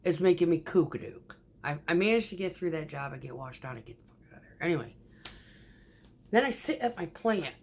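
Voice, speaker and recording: A woman who drives a concrete mixer truck, telling profane, animated stories about her workday in a casual vlog. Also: lowish voice, brisk, slight background noise. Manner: profane, animated, acts out quoted voices.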